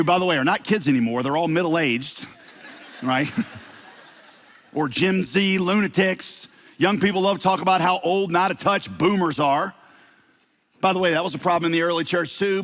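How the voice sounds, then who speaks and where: Southern-tinged pastor preaching with playful asides. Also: male voice, high-pitched, a bit bright. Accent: slight Southern US. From Southern United States. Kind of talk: sermon.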